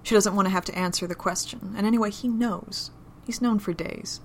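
A woman reading an adult romance story aloud in a low, intimate, steady manner. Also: brisk, a little hiss or hum. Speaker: narrator.

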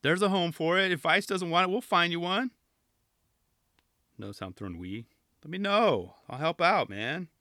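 A man's voice: on the high side, expressive, normal speed, pauses often, pushed and bright, no echo, studio quality. A man hosting a podcast, chatting casually and joking as he flips through a magazine, with rambling asides and playful pleading. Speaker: podcast host. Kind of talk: casual chat reviewing a magazine.

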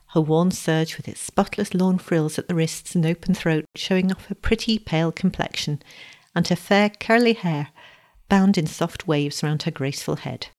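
A woman narrating a storybook in a steady, expressive reading voice. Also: fairly low pitch.

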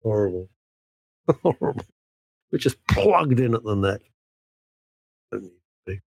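A man talks as a guest on a podcast, his pitch swooping animatedly and his voice gravelly and a little husky. He is emphatic and keeps throwing in asides. The sound is dry and close. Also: big pitch swings, a little slow, a little mellow, no echo. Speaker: guest broadcaster. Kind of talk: conversational podcast interview.

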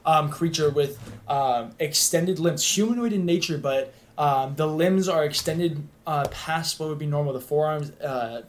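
A man runs a tabletop game as game master and narrates the scene in a loose, rambling way, full of ums and uhs. His voice sits a little high. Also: unhurried, hardly any pauses.

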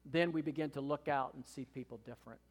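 A man's voice: mid-range voice, steady tone, quick pace. A man in his sixties preaching a sermon to his congregation, earnest and emphatic, rising to impassioned pleading. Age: 60s. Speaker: pastor. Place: church hall. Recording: long hall reverb.

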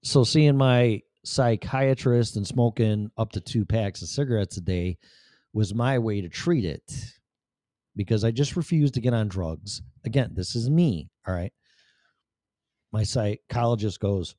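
A man's voice: on the low side, measured pace, warm tone, dry recording. Middle-aged guy venting straight to camera, swears a lot, rambly, dry close sound. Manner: blunt, profane, rambling. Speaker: vlogger. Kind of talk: candid personal monologue.

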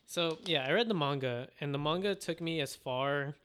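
A fairly high-voiced man co-hosting a casual podcast. His voice is bright and clean, and he rambles through a plot recap, acting out quoted lines as he goes. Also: normal speed. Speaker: podcast co-host. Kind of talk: casual anime recap chat.

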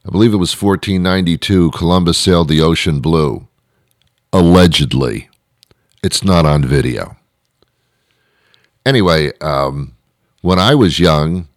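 Very deep-voiced wry male host. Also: dry recording, clean studio sound. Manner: rambling, wry, deadpan asides. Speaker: show host. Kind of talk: comedic monologue.

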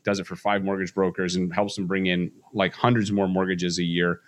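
A middle-aged man with a low voice talks briskly through a podcast monologue for mortgage professionals. He tells casual stories and acts out the voices of people in them. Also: flat delivery. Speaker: mortgage business coach.

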